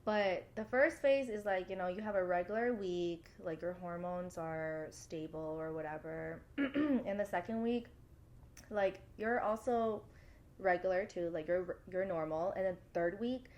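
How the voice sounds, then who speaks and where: A young woman co-hosting a podcast who speaks softly and agreeably in casual chat, with many fillers. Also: lowish voice, measured pace. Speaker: podcast co-host.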